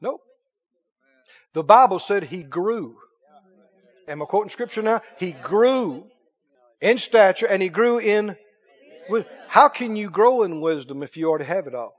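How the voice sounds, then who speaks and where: A man's voice: sits high, animated, a little slow, pauses often, highs cut off. A man preaching a sermon in a folksy, emphatic way, repeating phrases for effect. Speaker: pastor.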